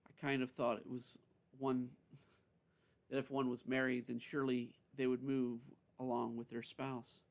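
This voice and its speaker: A man reading a story aloud on a live stream, unhurried, with frequent self-corrections. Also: mid-range voice, level tone, creaky.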